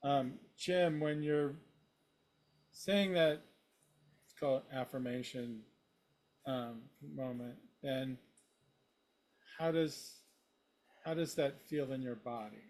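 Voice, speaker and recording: A man of middle pitch who gives a classmate feedback in an online class. He talks haltingly, stopping and restarting as he looks for the right words. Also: a little mellow. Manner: hesitant, searching for words. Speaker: class participant.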